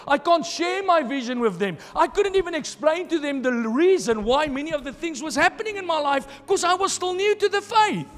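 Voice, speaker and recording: A male pastor with a very high voice preaches emphatically, hammering home his points with repeated phrases. His voice rings through a reverberant church hall while soft music plays behind him. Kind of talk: sermon.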